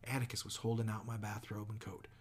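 A man reading a novel aloud as an audiobook, measured, often sinking to near whispers. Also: on the low side, flat delivery, breathy edge. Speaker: audiobook reader. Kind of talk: audiobook narration.

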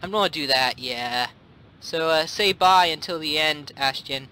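A man's voice: on the high side, measured pace, pushed and bright, clear, resonant tone. A man chatting casually and playfully while playing a game, laughing often. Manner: giggly and playful, frequent laughter. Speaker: gameplay commentator. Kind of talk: casual gaming chat.

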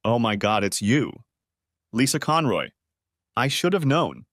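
A man's voice: medium pitch, very animated, measured pace, fairly bright tone, dry recording, clean studio sound. A man reading an audiobook, voicing a brash, betrayed wife who talks bluntly and mockingly. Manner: blunt, foul-mouthed, mocking. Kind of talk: audiobook character voice.

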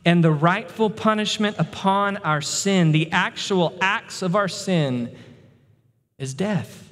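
A man's voice: high voice, slow, fairly bright tone. Male pastor, sermon delivery, emphatic repetition; long hall reverb. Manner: emphatic preaching, repeats words for stress. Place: church sanctuary.

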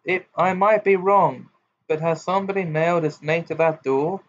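Man doing a young lady, high and hesitant, dull lo-fi audio. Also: fairly even intonation, normal speed, natural voice. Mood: uneasy.

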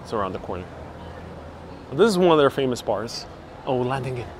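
Walking the streets of a town, a man hosts a live travel stream, joking and chatting as he answers viewer comments. His mid-range voice is sing-song and a little fast. The wireless clip-on mic picks up a slight hiss or hum.

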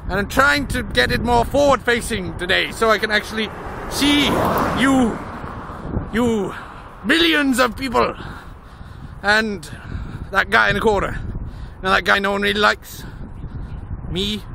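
A young man with a very high, bright voice full of gravelly fry, rambling loudly and jokily while he walks. He talks slowly and shouts now and then, with faint wind and traffic behind him. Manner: loud, silly, jokey, shouts at the wind and cars. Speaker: gaming vlogger. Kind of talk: rambling outdoor vlog. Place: outdoors walking along a busy road. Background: wind and passing traffic.

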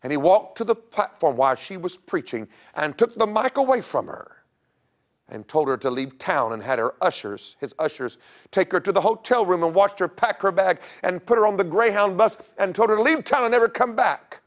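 Male preacher-host telling a church story, fairly high voice, dramatic swings from booming to whispered. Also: lively intonation, moderate pace. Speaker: guest host. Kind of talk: preaching history talk.

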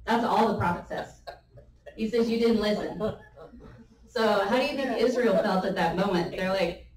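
A woman giving a conversational sermon, telling the story in a lively way with laughing asides. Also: medium pitch, normal speed, a crowd in the background. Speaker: church speaker. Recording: echoey room, mic at a distance.

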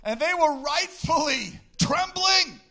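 An impassioned male preacher with a very high, bright voice. He speaks slowly and deliberately, then bursts into shouting and sing-song cadences. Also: lively intonation. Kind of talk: sermon.

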